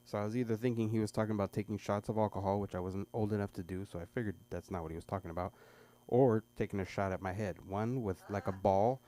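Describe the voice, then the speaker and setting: Man, middle-aged, stand-up comedian, rambling storyteller, mellow dark voice, stage mic. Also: lowish voice, steady tone, fast, few pauses. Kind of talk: stand-up set.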